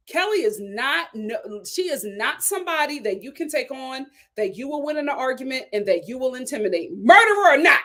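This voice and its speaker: Sassy, animated woman recapping reality TV. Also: high-pitched. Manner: sassy, animated, laughing, acts out quotes. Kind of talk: casual commentary recap.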